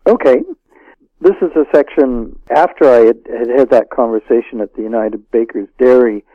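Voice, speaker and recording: A man's voice: medium pitch, normal speed, dry recording, highs cut off. A man, an author, telling stories and reading from his book in a radio interview. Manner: storytelling, animated when reading dialogue.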